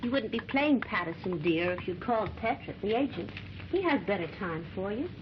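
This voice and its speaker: An actress playing a gentle young stage assistant who coaxes her partner, in an early sound film. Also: medium pitch, expressive, fairly quick, lightly acted. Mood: coaxing. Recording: dull old film track, noisy.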